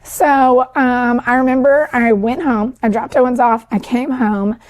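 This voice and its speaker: A woman's voice: on the high side, steady tone, a little slow. A woman guest telling a personal story in a chatty way, full of fillers, who calls herself an overachiever and people pleaser. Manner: talkative, with many fillers like "like" and "um". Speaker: podcast guest sharing her story.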